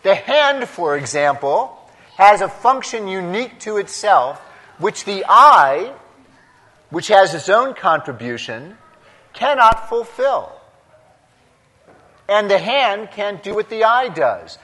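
A man, a priest, preaching a homily in a slow, deliberate way, breaking his points into short emphatic phrases. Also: high-pitched, sing-song, bright, forceful tone. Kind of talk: sermon. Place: large church. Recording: long church reverb.

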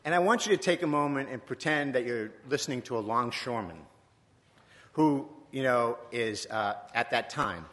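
A man from Virginia preaching a sermon in a church, reflective and conversational, with pauses and self-corrections. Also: mid-range voice, animated, fairly bright tone. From Virginia, USA. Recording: long echoing church reverb.

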